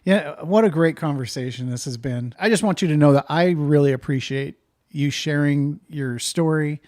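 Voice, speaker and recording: A male podcast host speaks with warm appreciation in casual chat. His voice is slightly high for a man, and the sound is dry and close. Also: normal speed, no echo. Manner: warm, appreciative, brief affirmations.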